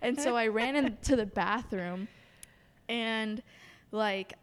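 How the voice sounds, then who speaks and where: A woman's voice: fairly high pitch, slow, clear, resonant tone, in a large hall. A woman telling a wild story in casual chat, swearing a lot and filling her talk with "like". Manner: swears a lot, laughs often, many fillers.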